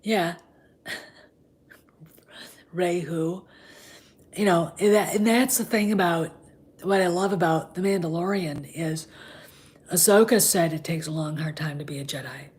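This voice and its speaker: Brief: female fan-show host, casual rambling chat, husky and low, hushed asides. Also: unhurried, long pauses. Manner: rambling, often drops into whispers.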